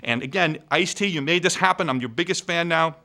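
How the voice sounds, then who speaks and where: Man, storyteller, bright forceful voice, slightly high, animated, wry. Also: a little fast. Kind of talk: live storytelling.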